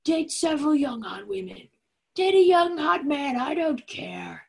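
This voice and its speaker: A woman voicing a frail old male robot father on his deathbed, speaking quietly and softly. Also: high voice, big pitch swings, measured pace, vocal fry, voice pushed up, heavily acted. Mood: pleading.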